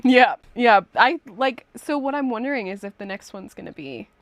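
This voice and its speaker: A woman's voice: on the high side, normal speed, no echo. Dry-witted young woman. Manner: relaxed, dry asides, many short agreements. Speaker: podcast co-host. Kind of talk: casual book chat.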